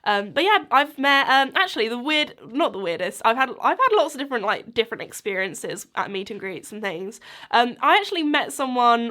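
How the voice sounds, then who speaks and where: A woman's voice: a little high, sharp tone. A woman in her twenties hosting a podcast, chatting casually and rambling with lots of likes and ums. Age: 20s. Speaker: podcast host. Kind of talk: casual solo chat.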